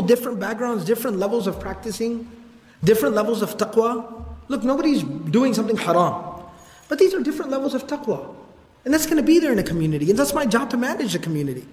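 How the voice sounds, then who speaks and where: A man playing a patient leader, calm, persuasive, high voice, echoey hall. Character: calm patient male leader, reasoning with an old friend.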